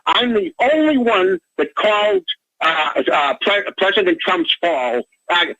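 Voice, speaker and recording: A man's voice: high-pitched, big pitch swings, measured pace, bright, forceful tone, no room sound. A man calling in to a talk radio show, rambling with stumbling restarts over a phone line. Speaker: caller. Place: Boston area.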